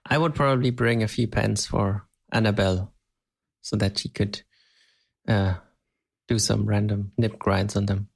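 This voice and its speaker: A man's voice: fairly low pitch, fairly even intonation, measured pace, creaky, husky. A man from Europe co-hosting a podcast, chatting casually, hesitant and laughing often. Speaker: podcast co-host. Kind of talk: casual chat.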